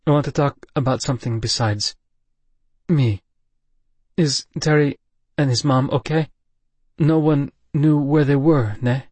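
A man voicing a tearful, shaken young man in a pleading, softer voice. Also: medium pitch, measured pace, pauses often, dry recording, voice pushed up, natural voice.

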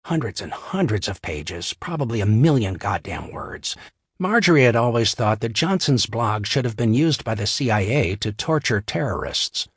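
Guy reading a crime audiobook, low husky voice, bone dry close mic, steady and wry. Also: moderate pace, dry recording. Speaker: audiobook narrator. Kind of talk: scripted narration.

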